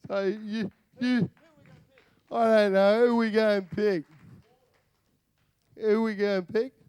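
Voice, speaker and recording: An Australian man doing a stand-up comedy set, bantering with the crowd in a slow drawl. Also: high-pitched, level tone, darkish tone, smooth, no room sound. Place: live venue with audience.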